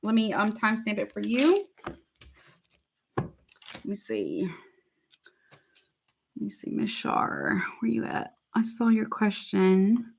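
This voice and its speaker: A woman's voice: mid-range voice, very animated, takes it slowly, vocal fry, pauses often, husky. A woman giving a casual live tarot reading, chatty and repetitive, calling her viewers honey. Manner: chatty, repeats herself, calls viewers honey. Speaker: tarot reader.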